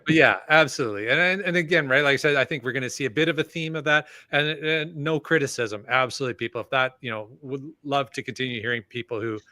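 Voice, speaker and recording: A man co-hosting a laid-back podcast, reading out comments from the chat and musing aloud with lots of "uh"s and restarts. His voice is bright and forward, recorded dry and close with no room sound. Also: mid-range voice, quick pace, hardly any pauses, dry recording. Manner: easygoing, filler-heavy, reads listener comments aloud. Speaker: podcast co-host. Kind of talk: casual chat.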